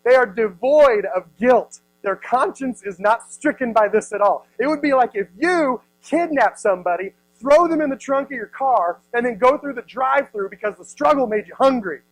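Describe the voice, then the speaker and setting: A youth pastor in his thirties gives a playful sermon in a youth service room, acting out voices for the people in the story and using lots of "like"s. His voice is very high-pitched and animated, at a moderate pace with hardly any pauses, in a dry, rough recording.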